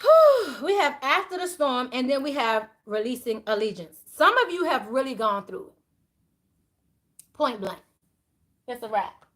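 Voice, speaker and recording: A woman talks her viewers through a spiritual tarot reading. Her voice sits high and bright, and it swoops up and down as she preaches at them and breaks into exclamations. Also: unhurried, pauses often. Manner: animated, preachy, speaks straight to viewers; frequent laughter and exclamations. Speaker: tarot reader.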